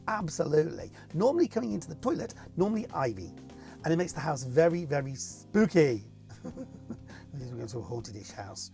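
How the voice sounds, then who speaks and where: A man's voice: a little high, sing-song, fairly quick, vocal fry, dark tone, faint music behind. A man hosting a casual question-and-answer chat to camera, rambling and laughing as he reads out and answers viewer questions.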